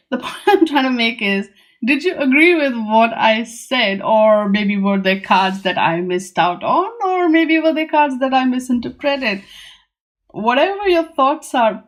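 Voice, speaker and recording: A woman hosting a tarot channel, talking casually and musingly as she goes through the cards, now and then acting out the figures on them. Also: on the high side. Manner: musing, chatty, acts out the figures on the cards in quick asides. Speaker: tarot teacher and channel host.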